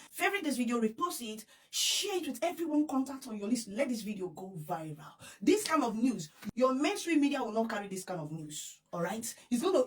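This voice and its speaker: A woman with a Nigerian accent hosting an excited news vlog, effusive and giggly, repeating her appeals to viewers. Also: on the high side, distant mic. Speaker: vlogger.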